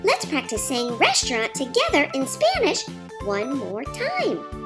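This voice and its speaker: A woman's voice: high-pitched, wildly swooping pitch, measured pace, exaggerated voice. A woman voicing a cheerful young girl who teaches Spanish words to small children in an encouraging, sing-song way, with children's music behind. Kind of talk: children's bilingual lesson.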